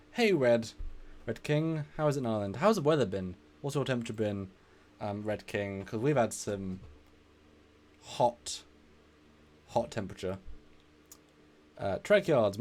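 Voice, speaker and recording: A man's voice: on the low side, a little mellow. A man hosting a casual live stream, energetically reading out and answering viewer comments and laughing easily.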